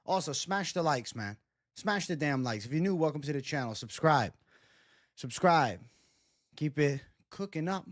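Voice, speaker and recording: A man hosting a casual livestream and chatting with viewers, animated and profane. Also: on the high side, brisk, no echo, clean studio sound. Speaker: livestream host.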